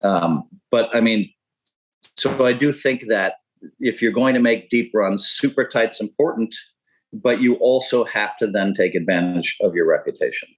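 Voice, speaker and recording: A man's voice: on the low side, moderate pace, low-quality recording. A man in his fifties, a poker pro talking as a podcast guest, rambling and candid with frequent profanity. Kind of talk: casual interview talk.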